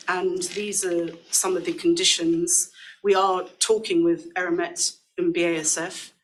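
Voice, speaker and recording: A woman campaigner giving a seminar presentation in an earnest, slightly halting manner. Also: lowish voice, slight background noise, rough recording.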